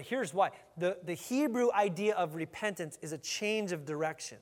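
A man's voice: sits high, expressive, normal speed, few pauses, in a large hall. A man preaching a sermon as pastor, talking energetically and emphatically, often restarting his words.

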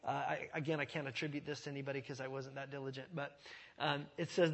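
A man's voice: mid-range voice, little pitch movement, fast, gravelly. A man preaching a sermon in a conversational way, with rhetorical questions, asides and self-deprecating humor. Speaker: pastor.

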